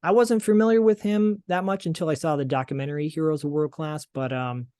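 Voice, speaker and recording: A man's voice: a little high, steady tone, a little fast, mellow, clear, resonant tone, no room sound. A man hosting a podcast, casually recapping with frequent fillers and restarts. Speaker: podcast host. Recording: dry close podcast sound.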